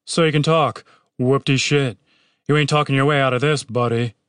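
A man's voice: mid-range voice, steady tone, normal speed, clear, resonant tone, dry recording, clean studio sound, close to an everyday voice. A man doing a brash, foul-mouthed young guy. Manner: brash, profane, loud. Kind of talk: audiobook character voice.

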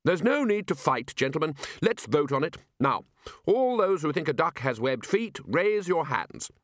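A man voicing a calm male mediator who speaks in a measured, soothing way. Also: fairly high pitch, dry recording, studio quality, pitched above the performer's own voice.

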